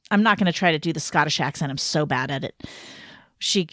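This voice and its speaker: A middle-aged woman co-hosting a podcast, chatting casually and throwing in quick reactions and her own anecdotes. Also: sits low, fairly bright tone, no echo, clean studio sound. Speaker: co-host.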